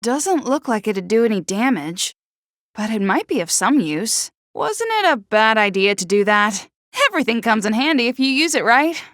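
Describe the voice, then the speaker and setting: A woman voicing a gloomy, sharp-tongued teenage schoolgirl for a video game, with a nervous stutter and snide, sarcastic put-downs. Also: fairly high pitch, very animated, normal speed, no room sound, clean studio sound. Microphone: close studio mic.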